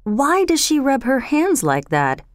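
A woman's voice: high voice, huge pitch swings, unhurried, no room sound, clean studio sound, pitched above the performer's own voice, full character voice. A woman doing a worried court doctor. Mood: alarmed. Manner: hushed, troubled questioning. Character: anxious male court doctor, grave and cautious.

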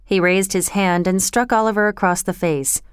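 A woman narrating a storybook aloud in a slow, clear and even manner. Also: medium pitch, no echo, clean studio sound.

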